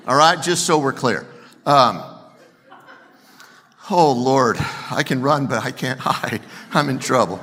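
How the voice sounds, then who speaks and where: Man, pastor, sermon, casual self-deprecating humor, lively pitch swings. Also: unhurried, long pauses. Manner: jokey, self-deprecating, conversational.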